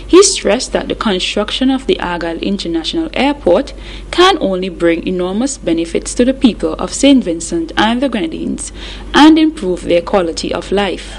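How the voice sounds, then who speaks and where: A woman narrating a news voice-over, reading the report clearly and steadily. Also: on the low side, expressive, normal speed, slight background noise, low-quality recording.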